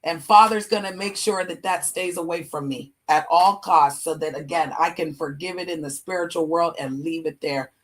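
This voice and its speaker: A woman's voice: on the low side, normal speed, few pauses. A woman hosting a livestream, venting angrily about an ex in heated, profane casual chat. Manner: angry, profane venting rant. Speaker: livestream host.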